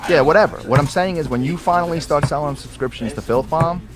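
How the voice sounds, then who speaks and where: A joking podcast co-host with a slightly raised pitch. He keeps pressing and teasing in loose banter. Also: fast talker, a loud crowd. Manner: pushy, joking, prodding.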